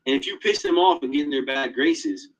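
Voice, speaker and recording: A man's voice: medium pitch, brisk, low-quality recording. A man in an agitated, profane monologue, swearing constantly as he tells his story. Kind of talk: casual monologue.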